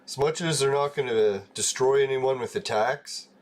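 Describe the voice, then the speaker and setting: A man's voice: medium pitch, normal speed. A man hosting a live game stream, chatting casually with viewers, chuckling often and swearing offhandedly. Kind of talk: casual live-stream chat while gaming.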